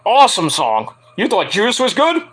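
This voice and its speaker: A man with a bright, forceful voice, a bit higher than most men, recapping a show for his vlog. He talks casually and rambles, full of fillers, and bursts into excitable play-by-play. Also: normal speed, breathy edge. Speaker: wrestling show reviewer.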